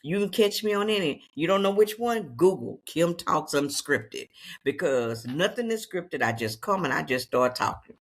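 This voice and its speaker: A woman's voice: low-pitched, animated, moderate pace, slightly rough. A woman with a Southeast Texas accent, talking casually and unscripted to her viewers in a chatty, folksy way. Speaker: vlogger.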